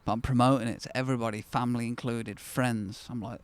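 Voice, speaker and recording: A man's voice: mid-range voice, fairly even intonation, fast, hardly any pauses, clear, resonant tone. A man in his thirties, the host of his own channel, telling a personal story to camera in a candid, conversational way that turns reflective and then bursts with enthusiasm.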